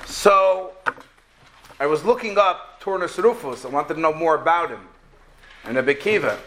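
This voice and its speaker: A man teaching a Torah lesson, retelling a story as a lively storyteller who asks his listeners rhetorical questions. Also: high voice, slight background noise.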